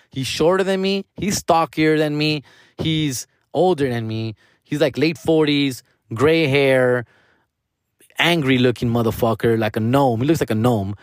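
Young comic, slightly high voice, slangy and profane, code-switching, dry room. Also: no room sound. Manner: profane slangy street talk with Spanish words. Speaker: comedian telling a story. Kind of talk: casual storytelling.

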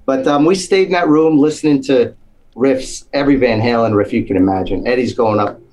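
Husky-voiced New man telling stories. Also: medium pitch, brisk, rough recording. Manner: animated storytelling, acts out quotes. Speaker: storyteller, former police officer. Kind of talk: casual anecdote telling.

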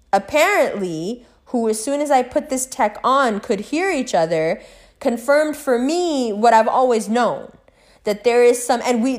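With a mid-range voice, a middle-aged vlogger delivers a casual monologue recounting a rambling personal story. Swearing comes freely, and her delivery jumps between loud excitement and hushed recounting.

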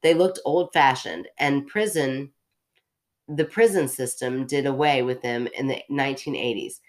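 A woman's voice: a bass voice, a little slow. A woman hosting a podcast who reads a story aloud and breaks off into chatty, self-mocking asides. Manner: chatty, self-interrupting, laughs at herself. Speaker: podcast host reading a story.

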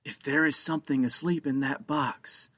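A man voicing a worried male pirate captain who talks in hushed, urgent tones. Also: medium pitch, steady tone, moderate pace, dry recording, pitched above the performer's own voice, lightly acted.

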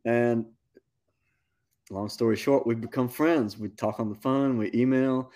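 Guy, musician guest, telling a story all animated, mid pitch voice. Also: measured pace. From North Carolina. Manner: animated anecdote-telling, with quoted asides. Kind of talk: casual storytelling interview.

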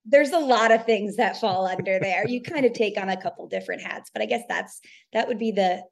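A woman's voice: medium pitch, a little fast. A young woman from New York, a radio producer and host, telling stories in a chatty podcast interview. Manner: chatty, storytelling with lots of "like".

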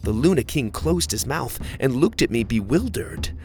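A man narrating a children's adventure story in the first person, with expressive storytelling. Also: mid-range voice, moderate pace. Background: faint music.

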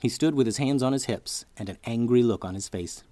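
A man's voice: medium pitch, brisk, dark tone, no echo. A man hosting a children's story podcast who narrates expressively, like a storyteller for kids.

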